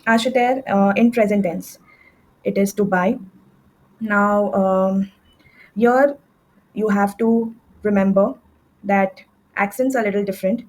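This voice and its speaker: A woman tutoring French, explaining verb endings step by step with fillers and quick self-corrections, at a desk with a computer mic. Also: mid-range voice, fairly even intonation, poor audio. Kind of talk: screen-share language lesson.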